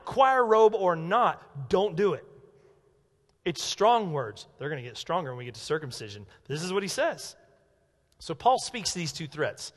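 High-voiced preacher in a reverberant church. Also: male voice, moderate pace. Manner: animated, swinging from quiet to loud emphatic. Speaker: pastor. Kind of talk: sermon.

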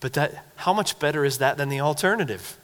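A man preaching a sermon in a church sanctuary, sounding conversational and earnest as he tells a personal story. His voice sits a little high for a man, and a long hall reverb trails each phrase. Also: expressive, brisk, fairly bright tone. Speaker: pastor.

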